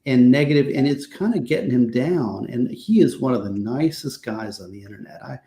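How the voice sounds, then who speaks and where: A man's voice: mid-range voice, fairly quick, warm tone. A man chatting earnestly from home over a video call, talking with many restarts. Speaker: guest on a video call chat. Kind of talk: casual chat. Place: home, Miami. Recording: roomy echo.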